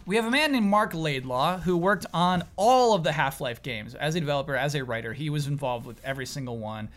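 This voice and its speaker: A man's voice: fairly high pitch, animated, brisk, a bit bright. A man hosting a podcast in casual chat, upbeat and jokey, steering the talk between friends. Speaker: podcast host.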